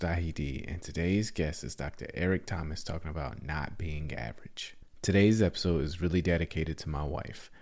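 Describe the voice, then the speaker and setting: A man hosting a motivation podcast, reading an earnest, measured intro. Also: low voice, darkish tone. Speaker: podcast host.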